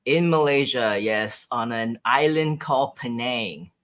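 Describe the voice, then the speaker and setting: A man's voice: medium pitch, unhurried, fairly bright tone. A man appearing as a friendly guest on a live-stream talk show. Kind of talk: casual interview chat.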